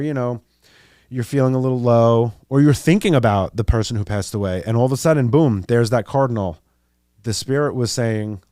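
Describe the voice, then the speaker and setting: A man's voice: medium pitch, a little mellow, smooth, dry recording, clean studio sound. A young man, hosting a podcast in a loose, rambling monologue with joking asides. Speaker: podcast host. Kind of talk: casual monologue.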